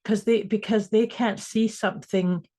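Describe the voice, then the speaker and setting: A woman's voice: mid-range voice, steady tone, normal speed, warm tone. Thoughtful woman podcast co-host. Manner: thoughtful, searches for words. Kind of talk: casual chat.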